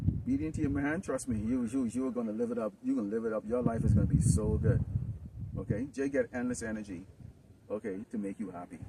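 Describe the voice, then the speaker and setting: A man preaching in a rambling, improvised sermon, filling his talk with "okay?" and "you know" and swinging into loud outbursts. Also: medium pitch. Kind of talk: improvised street-camp sermon. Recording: distant mic with noisy background.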